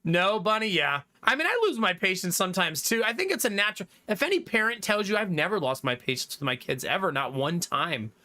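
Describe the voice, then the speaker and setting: A man with a high, bright voice chats with his stream audience about family life. His pitch swings widely as he tells lively, laughing stories, and he reads out viewer comments in a loose, casual way. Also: fairly quick, hardly any pauses. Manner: animated storytelling with frequent laughter. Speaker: livestreamer.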